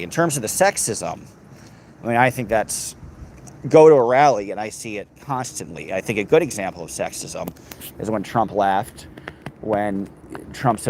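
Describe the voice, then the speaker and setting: A man's voice: on the low side, animated, normal speed. A man live streaming while walking outdoors on a city street, talking in a rambling, sarcastic and profane way into a handheld phone. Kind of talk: casual live stream chat. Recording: street traffic noise behind.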